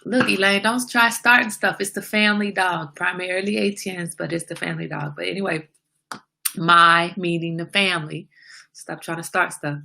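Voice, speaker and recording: A woman hosts a casual livestream and tells her story with lively animation, breaking off to greet viewers and answer comments. Her voice sits a little low but sounds bright and crisp. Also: normal speed. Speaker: livestream host.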